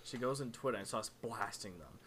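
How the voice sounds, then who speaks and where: A young man co-hosting a podcast, telling a story in halting casual chat. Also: mid-range voice, lively intonation, over a noisy crowd. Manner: storytelling, halting, laughing asides. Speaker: podcast co-host.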